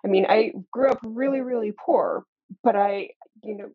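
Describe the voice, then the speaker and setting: Candid woman professor, earnest and wry, husky voice on dull lo-fi audio. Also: a little high, moderate pace. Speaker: guest, math professor. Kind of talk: conversational interview.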